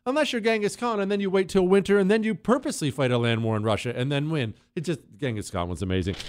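A middle-aged man hosting a talk radio show, delivering an emphatic monologue with quick asides. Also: fairly high pitch, dry recording. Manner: animated, emphatic, quick asides and put-on quoted voices.

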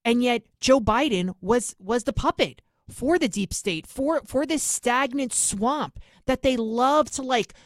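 A woman's voice: fairly high pitch, no echo, studio quality. A middle-aged woman with a New York accent, delivering a fiery, sarcastic political monologue as host. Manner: fiery, sarcastic, rapid-fire.

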